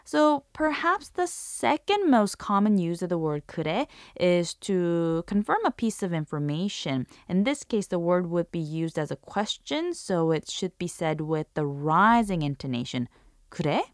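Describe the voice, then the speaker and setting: A woman's voice: on the low side, big pitch swings, moderate pace, few pauses, no echo, clean studio sound. A woman hosting a language lesson, reading a scripted explanation and demonstrating intonation with example phrases. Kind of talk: scripted radio-style lesson narration.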